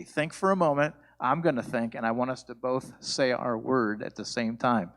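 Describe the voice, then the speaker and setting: A man's voice: mid-range voice, steady tone, normal speed, few pauses, fairly bright tone. A man leading a church couples workshop, talking casually with jokes, stories and frequent fillers. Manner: conversational, self-deprecating, many fillers.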